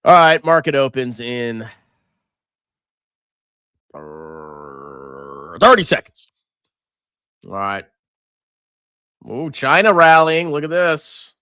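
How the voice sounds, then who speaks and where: A man in his thirties hosts a casual finance livestream with a bright, forceful edge to his voice. His pitch swings widely as he reacts to prices with jokey exclamations. The sound is dry and close to the mic. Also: very slow, pauses often, clear, resonant tone, dry recording. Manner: animated, jokey, reacts loudly to price moves.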